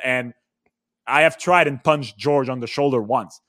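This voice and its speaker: A man's voice: medium pitch, big pitch swings, slow pace, pauses often, a bit bright, no echo, studio quality. A young man, a guest on a casual sports talk show, who speaks with animation, states strong opinions and corrects himself often. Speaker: podcast guest.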